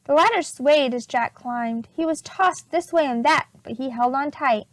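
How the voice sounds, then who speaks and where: A woman teacher reading a chapter book aloud to preschool children, slow and expressive. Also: sits high, a little hiss or hum.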